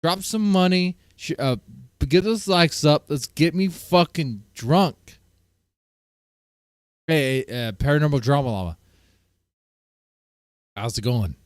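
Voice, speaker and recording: A male livestream host chatting with viewers in a loud, profane, heated way. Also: on the high side, slow pace, pauses often, smooth, no room sound, studio quality. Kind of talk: casual livestream chat with viewers.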